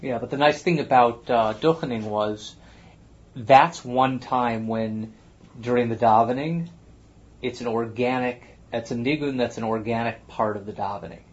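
Man, podcast host, chatty, thinks aloud, mid-pitched, dull lo-fi sound. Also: moderate pace. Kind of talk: casual chat. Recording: muffled lo-fi recording.

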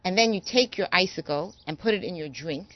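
A woman's voice: fairly low pitch, expressive, fairly quick, no room sound, muffled recording. A woman guest on a talk show, explaining kitchen gadgets in a brief, matter-of-fact way. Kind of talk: studio talk show interview.

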